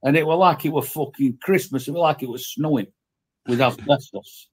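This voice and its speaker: A man's voice: medium pitch, fairly quick, breathy edge. Blunt man, swearing storyteller. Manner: blunt, heavy swearing, vivid workplace anecdotes. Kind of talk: casual storytelling.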